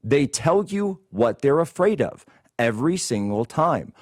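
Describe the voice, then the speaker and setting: A man's voice: mid-range voice, big pitch swings, unhurried, no echo, studio quality. A man hosting a political commentary show, ranting in a combative, indignant way. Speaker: host.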